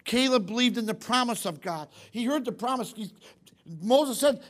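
A man's voice: extremely high pitch, animated, moderate pace. A man preaching a sermon in church, emphatic and repetitive, often questioning the congregation. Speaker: pastor.

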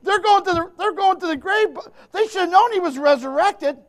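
A man's voice: extremely high pitch, animated, fairly quick. A man preaching a fervent sermon, emphatic and impassioned, stammering into restarts and calling out to his listeners. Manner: impassioned, emphatic, swings between hushed and shouting, calls out to listeners.

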